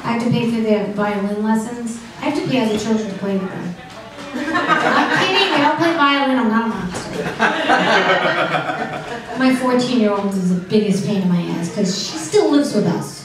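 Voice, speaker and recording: Middle-aged woman stand-up, deadpan, slightly high voice, heard from afar in a roomy club. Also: a little fast. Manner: dry, deadpan delivery of dark jokes with audience banter. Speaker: stand-up comedian. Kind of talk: stand-up comedy set. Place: comedy club stage. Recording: echoey club room from far off, noisy.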